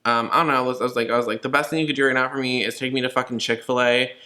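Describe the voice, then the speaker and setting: A man's voice: medium pitch, steady tone, very fast, sharp tone. A young man from California, shaken and upset, telling a personal story in a casual, profane, rambling way full of fillers. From Los Angeles.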